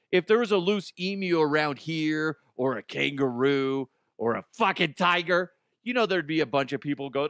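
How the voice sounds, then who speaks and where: A man's voice: medium pitch, lively intonation, moderate pace, hardly any pauses, fairly bright tone, no room sound, clean studio sound. A man hosting a comedic news chat, joking, swearing freely and acting out silly voices. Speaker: host.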